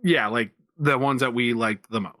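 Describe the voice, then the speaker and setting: Bright-voiced man chatting on a podcast. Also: medium pitch, moderate pace, no room sound. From Pennsylvania, USA. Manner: rambling, lots of restarts and fillers. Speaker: podcast co-host. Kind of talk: casual chat.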